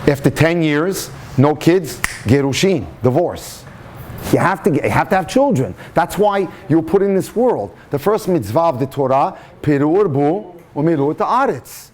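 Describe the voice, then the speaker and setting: A man's voice: a little high, expressive, moderate pace, a little mellow, a little hiss or hum. A man who is a rabbi, telling a story in a passionate, dramatic lecture style.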